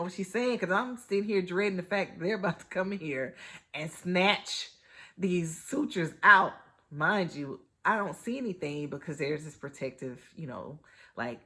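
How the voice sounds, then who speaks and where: A woman hosting a podcast, telling a personal story in a chatty, conversational way, with wry humor and lots of "you know". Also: fairly low pitch. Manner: animated retelling with wry humor. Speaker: podcast host.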